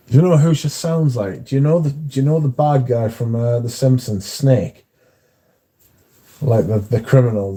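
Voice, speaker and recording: A man's voice: medium pitch, dark tone. A man hosting a livestream in casual chat, reading out viewer comments and answering them in a dry, offhand way.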